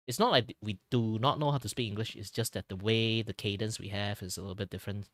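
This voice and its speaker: A man's voice: fairly low pitch, steady tone, fairly quick, fairly bright tone, no echo, studio quality. A young man from Malaysia chatting casually on a stream, rambling with lots of "like" and repeated words. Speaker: streamer, artist.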